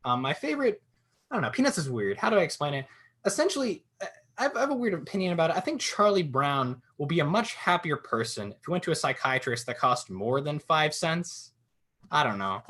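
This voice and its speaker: A young man doing a stand-up comedy set from home, telling jokes with deadpan punchlines and acting out silly voices. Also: a little high. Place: at home in a swivel chair.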